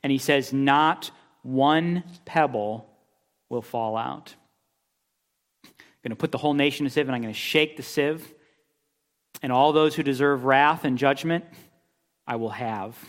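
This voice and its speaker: A man's voice: mid-range voice, moderate pace, pauses often. A man preaching an expository sermon, emphatic, with rhetorical questions and repeated phrases. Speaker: pastor. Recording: long reverb of a large hall.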